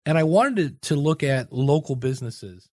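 A man's voice: a little high, lively intonation, moderate pace, darkish tone, dry recording. Goofy, storytelling man with a dry sound. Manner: goofy, radio-style storytelling. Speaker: podcast guest. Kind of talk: casual chat.

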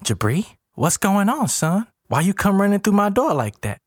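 A man's voice: mid-range voice, animated, moderate pace, dry recording, studio quality, voice pushed up, close to an everyday voice. A man voicing a worried older grandmother who scolds and questions her grandson. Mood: alarmed. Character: frantic old grandmother, bossy and worried.

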